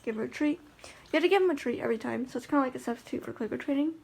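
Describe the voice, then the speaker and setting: Gravelly, slightly high-voiced woman vlogger. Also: racing, darkish tone, a little hiss or hum. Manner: chatty and rambling, many fillers and restarts. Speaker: vlogger with a guide dog. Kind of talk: casual vlog chat.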